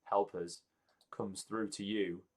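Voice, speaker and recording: Low-ish guy running a tabletop rpg session, lots of ums and restarts. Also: flat delivery, darkish tone. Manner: halting, many ums and restarts. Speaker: game master. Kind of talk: narrating a tabletop game.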